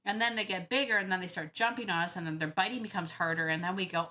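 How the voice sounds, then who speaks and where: A woman hosting a dog-training Q&A, talking casually and thinking out loud with frequent laughs. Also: fairly low pitch, quick pace, hardly any pauses. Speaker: dog trainer podcast host. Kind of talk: casual Q&A monologue.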